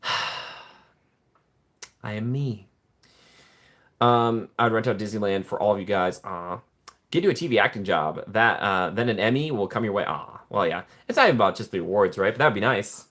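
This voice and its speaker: A man hosting a casual live stream, reading viewer comments in a playful, jokey way, often laughing and jumping up in pitch when excited. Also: moderate pace, long pauses.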